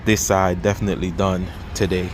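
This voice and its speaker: A man's voice: low voice, little pitch movement, a little fast, background noise. A young man from Saint Croix with an Antiguan accent, talking casually to his vlog audience, rambling and repeating himself. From US Virgin Islands, Saint Croix. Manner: rambling, repeats himself, laughs between thoughts. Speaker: vlogger, food delivery driver. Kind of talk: casual self-filmed vlog.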